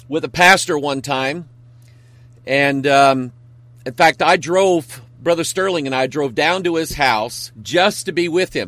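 A man's voice: a little high, fairly bright tone, no room sound. A man, a pastor, hosting a talk show in a casual, earnest monologue that rambles and grows emphatic.

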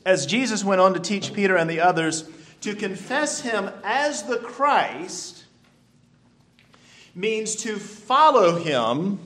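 A man preaching a sermon, stretching out key phrases with deliberate emphasis. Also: sits high, very animated, fairly bright tone. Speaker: pastor.

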